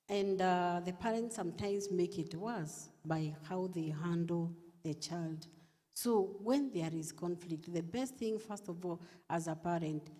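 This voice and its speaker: A woman's voice: lowish voice, dark tone. A woman counselor giving parenting advice at a church event, stressing and repeating her key points. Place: church hall. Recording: long reverb of a large hall.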